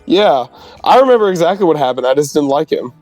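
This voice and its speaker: A man's voice: a little high, animated, fast, a little mellow, no room sound, soft background music. Laid-back man playing a tabletop game. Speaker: player. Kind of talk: casual chat at a game table.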